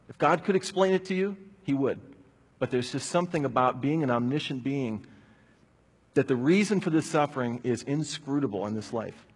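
A man's voice: medium pitch, expressive, normal speed, breathy edge. A man preaching a sermon, telling a personal story in a conversational way before drawing his point from it. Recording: long hall reverb.

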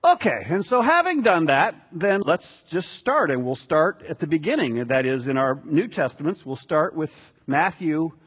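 A man delivering a conversational sermon as a pastor, relaxed and chatty with asides to the congregation. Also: fairly high pitch, breathy edge.

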